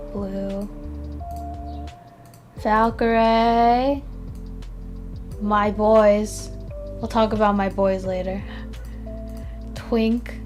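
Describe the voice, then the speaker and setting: A tired woman streaming casually, chatting and mumbling to herself as she works, with a self-deprecating manner. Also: mid-range voice. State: tired, yawning. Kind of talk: casual live-stream chat.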